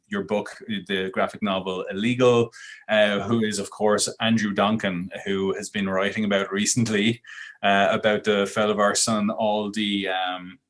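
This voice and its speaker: Low-voiced playful show host. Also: male voice. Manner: playful, cues segments with mock commands. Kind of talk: hosted show chat.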